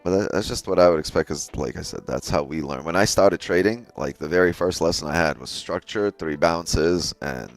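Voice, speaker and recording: Laid-back low-voiced trading streamer. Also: male voice, normal speed, hardly any pauses, faint music behind. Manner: laughs often, swears, talks to chat. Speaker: day-trading livestream host. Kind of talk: casual live trading commentary.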